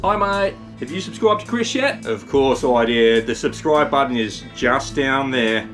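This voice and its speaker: A man's voice: medium pitch, lively intonation, measured pace, fairly bright tone. A man voicing cheerful, bantering Australian blokes with a broad Australian accent, talking slangy and sing-song. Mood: cheeky. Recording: guitar music behind.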